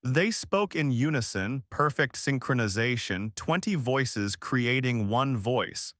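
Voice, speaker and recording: A male narrator reads a first-person horror tale in an unhurried, deliberate voice of middling pitch. The recording is dry and close, with no room sound around him. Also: expressive, fairly bright tone, no echo. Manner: slow, measured storytelling delivery. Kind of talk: scripted horror story narration.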